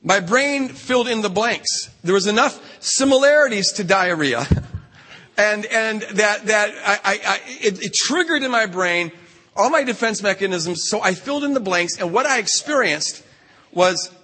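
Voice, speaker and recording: A man's voice: high-pitched, lively intonation, measured pace, pushed and bright. A man speaking at a retreat, telling a funny story with lots of stammered restarts. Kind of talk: humorous storytelling talk. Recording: long hall reverb.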